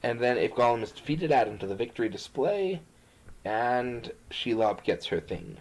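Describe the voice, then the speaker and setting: A man's voice: medium pitch, expressive, moderate pace, rough recording. A man casually talking through a cooperative card game with a friend, explaining his moves.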